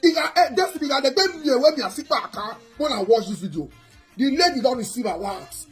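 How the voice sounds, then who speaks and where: Excitable Nigerian woman host. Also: high voice, fast talker, faint music behind. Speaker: gossip channel host. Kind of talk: animated casual commentary.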